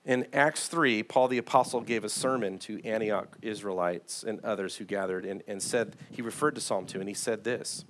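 A man preaching a sermon as pastor in a church, reading scripture aloud and swinging from loud to hushed. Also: lowish voice, normal speed, few pauses, a little hiss or hum. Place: church sanctuary.

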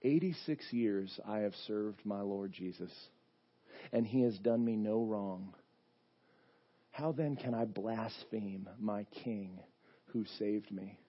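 An elderly bishop speaks with quiet, steady resolve, as a preacher acts him out in a sermon. His voice is low and husky, and it comes through a dull, lo-fi church recording. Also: slow. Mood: solemn. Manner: quiet, calm and solemn. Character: old gentle male bishop facing martyrdom.

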